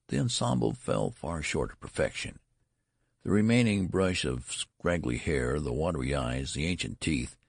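A man reading a story aloud in a measured, wry way. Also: low voice, vocal fry, slightly rough, no echo, clean studio sound. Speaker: narrator.

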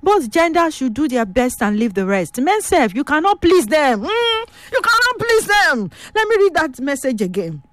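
Lively high-voiced Nigerian woman radio host. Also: moderate pace, hardly any pauses, no echo. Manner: lively, exclamatory, laughs often. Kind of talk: call-in radio show, reading listener messages.

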